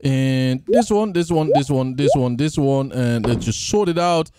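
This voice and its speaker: Animated man narrating his game. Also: medium pitch, unhurried, clear, resonant tone, no echo. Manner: chatty, talks to game characters, hums and sings. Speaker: gamer. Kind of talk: casual let's play commentary. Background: game music.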